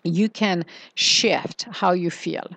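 A woman giving a motivational spiritual talk as a coach, speaking in a slow, soothing way with drawn-out phrases. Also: fairly low pitch, steady tone, vocal fry, a bit bright, no room sound.

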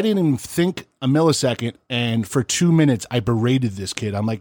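Podcast co-host: male, swearing, storytelling, jumps to high mimicry, dry close mic. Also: expressive, normal speed, few pauses, a little mellow, no room sound. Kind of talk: casual crude banter.

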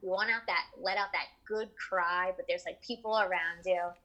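A woman's voice: fairly low pitch, fairly even intonation, normal speed, pushed and bright, poor audio. A woman in her thirties, an interview guest, telling a personal story in a candid, chatty way with lots of fillers.

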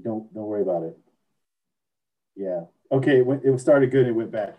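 A man's voice: fairly low pitch, fairly quick, narrow, tinny audio. A man co-hosting a casual podcast chat, reading out crude slang definitions and joking along. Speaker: podcast co-host.

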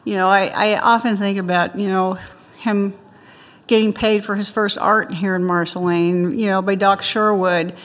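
A woman's voice: medium pitch, fairly even intonation, moderate pace, fairly bright tone, in a large hall. An older woman being interviewed, telling childhood stories in a chatty way and laughing often. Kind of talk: interview storytelling.

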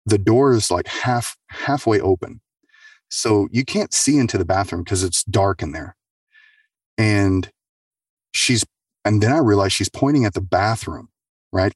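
A man with a low, husky voice tells a true story in casual, profane talk, full of fillers and "right?". The sound is dry and close. He sits a little back from the microphone. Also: no echo, distant mic. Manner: loose, profane, filler-heavy, keeps asking "right?". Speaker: storyteller sharing a true experience.

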